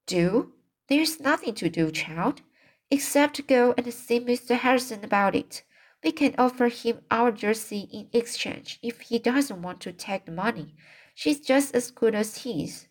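A woman's voice: on the high side, lively intonation, unhurried, voice pushed up. A woman reading aloud, voicing a stern, practical older woman who scolds curtly.

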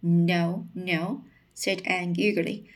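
A woman reading the part of an earnest, emotional young woman in a storybook, in a slow, halting way with restarts. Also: fairly low pitch, flat delivery. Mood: pleading.

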